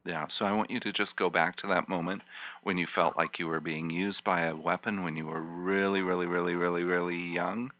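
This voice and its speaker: A deep-voiced man, a healing practitioner, guides a volunteer through a slow guided imagery session with soft, repetitive, soothing coaching. He speaks fairly quickly with no echo, over a dull lo-fi teleconference line.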